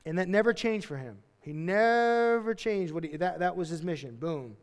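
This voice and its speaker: Man, pastor, high voice, animated sermon storytelling, long church reverb. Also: normal speed. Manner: animated storytelling, acts out Bible characters in casual voices. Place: church sanctuary.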